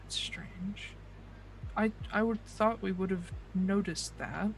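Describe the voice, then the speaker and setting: A game master voicing a wary young woman under questioning, answering in halting, hesitant bursts. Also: mid-range voice, fairly even intonation, creaky, slight background noise. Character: wary young half-orc-related woman, guarded clerk.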